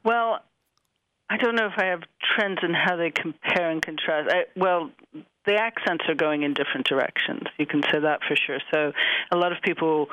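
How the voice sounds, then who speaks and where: Higher-pitched man explaining language. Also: sharp tone, smooth, poor audio. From United States. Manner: measured, explanatory, with frequent ums and restarts. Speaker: linguistics professor, guest. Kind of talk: radio interview answers.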